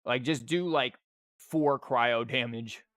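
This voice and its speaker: A man's voice: medium pitch, slow pace, a bit bright, dry recording. A man chatting casually on a live stream as he thinks aloud, rambling and packing his talk with "like" and restarts. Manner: rambling, filler-heavy, full of "like" and restarts. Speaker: streamer and teacher. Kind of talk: casual live-stream chat while theorycrafting. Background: faint music.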